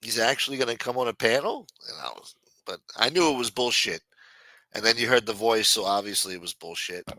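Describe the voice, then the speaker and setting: On his livestream, a man with a fairly low, bright, forceful voice talks briskly and profanely to his chat. Whenever he retells a story, he acts out what people said, and the audio carries no room sound.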